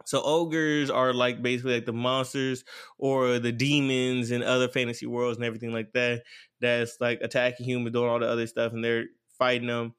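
A man's voice: mid-range voice, flat delivery, a little fast, a bit bright, smooth. Rambling man recapping a show. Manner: rambling, lots of fillers like "blah, blah, blah". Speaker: anime reviewer.

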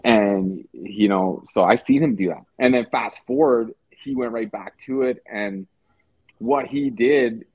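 Husky man on a tinny call. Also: medium pitch, a little slow, no room sound. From South Africa. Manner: loose slang-heavy talk, many restarts and fillers. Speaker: podcast guest. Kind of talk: casual conversation. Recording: tinny phone-like call audio.

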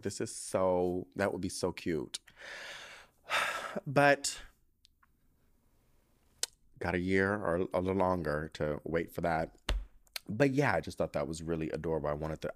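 Chatty man with a low, lively voice. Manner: chatty, rambling and emotional, swears freely. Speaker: podcast host. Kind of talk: casual solo podcast chat. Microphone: podcast microphone.

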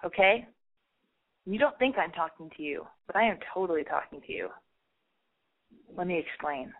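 A woman's voice: fairly low pitch, expressive. Frantic, foul-mouthed woman podcast host. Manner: fast, frantic, profane, self-mocking. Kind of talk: call-in advice podcast monologue. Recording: tinny phone-like sound.

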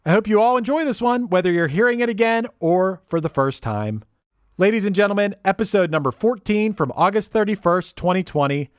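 A man's voice: sits high, animated, a little fast, smooth, no echo, studio quality. A man who produces a podcast, giving a casual, upbeat episode intro with playful, jokey asides.

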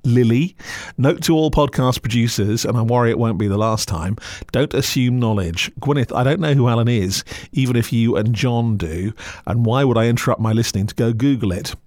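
A man's voice: mid-range voice, a little fast, a little mellow, no echo. A man reviewing podcasts in a scripted, sardonic way, full of dry asides.

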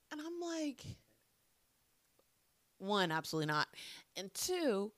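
A young woman telling a childhood story in a casual, animated way. She swears freely and acts out the lines people said. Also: high-pitched, dry recording. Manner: animated, profane, acts out quotes.

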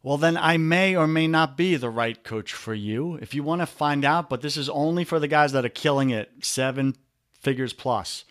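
A man with a New York accent, a coach and podcast guest, pitching his offers energetically and spelling out web addresses slowly. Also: fairly bright tone, no room sound, clean studio sound. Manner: pushy, repeats web addresses slowly, rallying.

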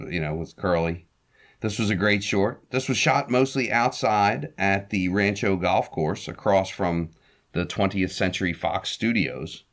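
Male podcast host, low voice, laid-back recap, chuckling, conversational fillers. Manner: chuckles often, relaxed with fillers. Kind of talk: casual recap of an old comedy short.

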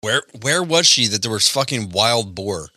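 A man's voice: lowish voice, animated, moderate pace, bright, forceful tone, no echo, studio quality. A man co-hosting a casual comedy chat, laughing often and rambling with exasperated swearing. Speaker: podcast co-host.

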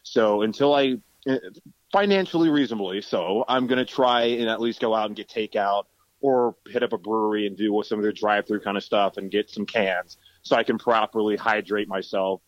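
A man's voice: on the low side, a little fast, no room sound. A man joining a podcast as a guest, telling self-deprecating stories with jokes in casual chat. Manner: joking, self-deprecating storytelling. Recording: dull, dry lo-fi sound.

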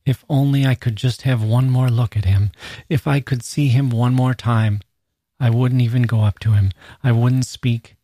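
Man reading a grieving peasant mother, dry close sound, mellow voice. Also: mid-range voice, steady tone, moderate pace, dry recording, close to an everyday voice. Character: grieving peasant mother, middle-aged woman.

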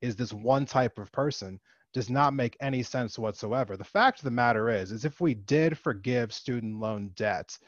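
A man's voice: medium pitch, normal speed, dry recording. Impassioned man ranting, dry muffled sound. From United States. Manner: impassioned, rising to emphatic outbursts; frequent fillers like "you know" and "like". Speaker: political commentator. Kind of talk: opinion monologue.

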